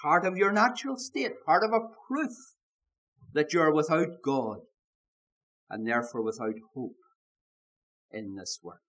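A man preaching a sermon at a church service, fervent, stretching out words for emphasis and rising to loud shouts, with strings of rhetorical questions. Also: a little high, lively intonation, unhurried, pauses often.

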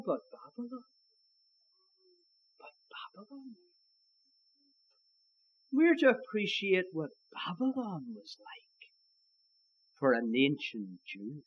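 A man's voice: fairly high pitch, muffled recording. A man with an Irish accent preaching a sermon, emphatic, repeating his key lines and calling his listeners his friends.

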